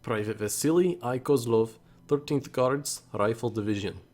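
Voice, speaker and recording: A man's voice: mid-range voice, moderate pace, darkish tone, natural voice. A man reading a young Soviet recruit's letter aloud in a mock-solemn put-on voice.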